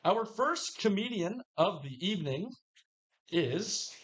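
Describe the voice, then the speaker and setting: Guy emceeing a comedy night, high bouncy voice, fumbling through his notes. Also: lively intonation, slow, poor audio. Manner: fumbling with notes, then building to a shouted introduction. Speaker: host. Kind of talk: live show emcee. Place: small lounge stage.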